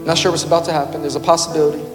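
A man preaching a sermon with passion, shouting at times and firing rhetorical questions at the congregation. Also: fairly high pitch, flat delivery, rapid-fire. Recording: long hall reverb with music underneath.

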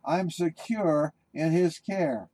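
A man's voice: fairly high pitch, slow, dark tone, no room sound, rough recording. A man voicing a loyal male German shepherd who speaks in an earnest, plain way in a spoken sermon story.

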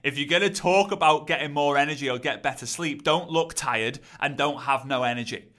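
A man coaching on content creation in an energetic, repetitive, rallying teaching monologue. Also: a little high, a little fast.

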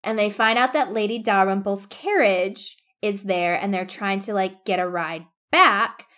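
A young woman co-hosting a casual book discussion, animated, laughing often and swearing casually. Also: mid-range voice, unhurried. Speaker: podcast co-host.

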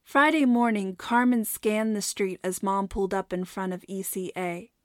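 A woman narrating a storybook in a steady, measured way. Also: mid-range voice, no room sound, clean studio sound. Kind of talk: audiobook narration.

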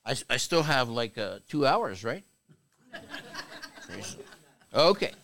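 A man's voice: mid-range voice, big pitch swings, slow pace, a bit bright, a little hiss or hum. A man giving a sermon as a bishop, preaching with call-and-response to his congregation.

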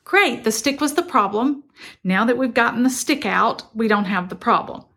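Middle-aged woman, gravelly tone, reflective storyteller sharing a lesson. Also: a little high, lively intonation, moderate pace, bright, forceful tone. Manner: earnest, reflective, conversational. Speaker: motivational speaker. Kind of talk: personal storytelling.

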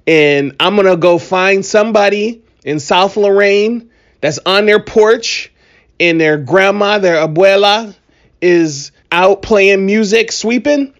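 Animated, joking man on dull audio. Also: high voice, slow pace. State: allergies, voice a bit strained. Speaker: podcast host. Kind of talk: casual solo podcast monologue.

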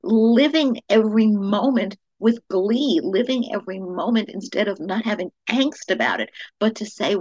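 Husky woman telling a faith story. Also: mid-range voice, lively intonation, moderate pace, hardly any pauses, darkish tone, no room sound, lo-fi sound. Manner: personal storytelling with faith encouragement. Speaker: podcast host. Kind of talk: devotional monologue.

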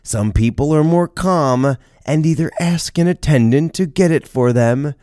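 A man's voice: on the high side, a little slow, warm tone, no echo, studio quality. A man hosting a podcast, telling stories in a playful, chatty way with jokey asides. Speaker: podcast host. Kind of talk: storytelling podcast monologue.

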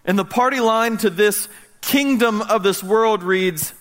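Preaching a sermon as pastor, an American man in his thirties speaks a little slowly in a high voice. He tells a lively story that alternates between loud passages and hushed ones.

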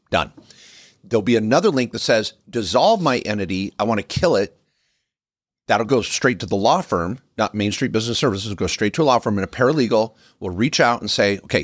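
A man co-hosting a business podcast, pitching services in an emphatic, animated way with many restarts. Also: no echo, clean studio sound. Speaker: podcast co-host, business lawyer. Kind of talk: casual podcast chat.

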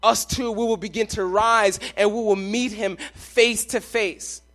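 A male preacher with a strikingly high voice delivers a fervent sermon in a church. His tone is bright and ringing, and his delivery is emphatic and full of vivid storytelling. Soft music plays underneath. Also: steady tone, measured pace. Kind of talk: live sermon. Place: church sanctuary.

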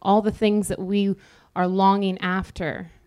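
Woman preaching in a smooth, chatty way. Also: medium pitch, flat delivery, a little slow, darkish tone. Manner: conversational, jokes with the congregation. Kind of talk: sermon.

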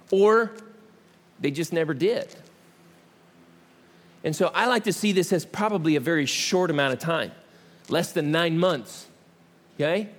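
A man preaching in a relaxed, joking way, often throwing questions out to his listeners. His voice sits high for a man, and it rings with a long echo from a big hall. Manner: conversational, humorous, questions the audience. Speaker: pastor. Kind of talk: sermon. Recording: echoey hall.

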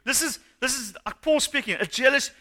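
Bright high-voiced preacher in a reverberant hall. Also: male voice, a little fast. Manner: animated, rhetorical questions to the congregation. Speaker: pastor. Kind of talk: sermon. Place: church hall.

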